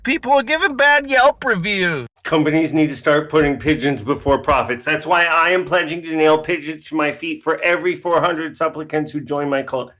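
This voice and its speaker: A man in his forties delivering a rambling, deadpan absurdist comedy monologue. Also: on the high side, normal speed, few pauses. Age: 40s.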